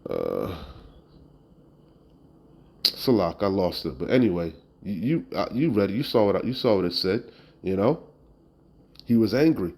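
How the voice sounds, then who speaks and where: A man does street-style scripture teaching, reading Bible verses aloud and then explaining them bluntly and emphatically with frequent "you know?" asides and occasional profanity. His low, husky voice is sing-song, measured, and full of long pauses, on a rough recording.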